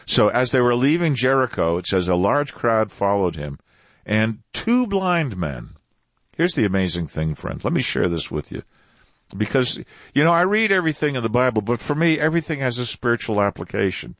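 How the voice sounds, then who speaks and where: Male preacher, conversational, animated pitch, emphatic repetition, dry recording. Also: normal speed, no echo. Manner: conversational, repeats phrases for emphasis. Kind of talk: Bible teaching.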